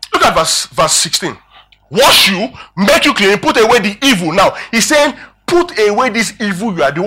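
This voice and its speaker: A man preaching a sermon, animated and emphatic, calling out questions to his congregation. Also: high-pitched, slightly rough. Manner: emphatic, animated preaching with rising and falling volume.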